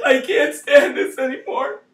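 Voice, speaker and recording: A man delivering an impassioned, pleading rant with a lot of swearing, often shouting. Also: very high-pitched, measured pace. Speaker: vlogger. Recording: echoey room, far from the mic.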